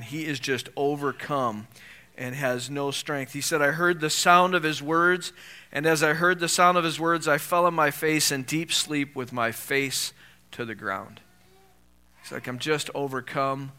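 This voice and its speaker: Bright-voiced man preaching conversationally. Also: mid-range voice. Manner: conversational, asks the congregation rhetorical questions. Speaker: pastor. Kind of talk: sermon.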